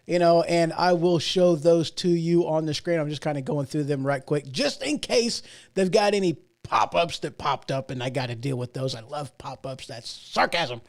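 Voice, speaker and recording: A man's voice: on the high side, normal speed. A man hosting his own show, giving casual political commentary in a rambling, emphatic way with sarcastic asides. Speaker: host.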